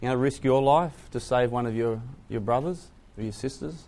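A man giving an animated, story-driven Bible talk to young people, often breaking into loud exclamations. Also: mid-range voice, a little fast, creaky. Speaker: Bible class speaker.

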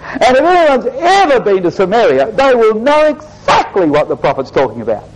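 A man preaching a Bible exposition to his congregation, emphatic and animated, often addressing them as brethren and sisters. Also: high voice, normal speed, rough recording. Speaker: lay preacher giving a Bible talk.

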